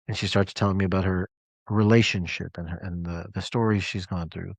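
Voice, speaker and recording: A man's voice: deep voice, fairly even intonation, fairly quick, gravelly, no room sound. A man coaching clients on a live call, telling a story in an emphatic, conversational way.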